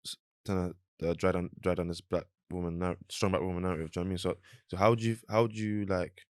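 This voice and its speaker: Deep-voiced young podcast host. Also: male voice, fairly even intonation, a little mellow, clear, resonant tone, no room sound, clean studio sound. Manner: thoughtful, halting, with many restarts. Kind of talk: casual chat.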